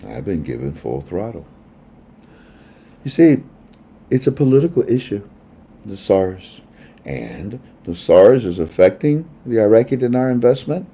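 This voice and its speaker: A man's voice: on the low side, big pitch swings, unhurried, long pauses, warm tone, husky. Heated man ranting. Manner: heated, mocking, laughs at his own jabs. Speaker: online show host. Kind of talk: ranting political commentary.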